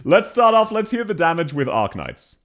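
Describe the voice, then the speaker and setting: An Australian man commenting casually on a livestream. He greets viewers as they arrive, laughs often, and his pitch moves around a lot. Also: sing-song, moderate pace, a bit bright. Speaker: streamer.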